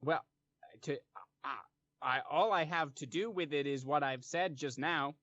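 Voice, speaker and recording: A man's voice: fairly high pitch, measured pace, pushed and bright, dry recording. Hesitant male player, dull dry recording. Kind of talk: playing a tabletop game in character.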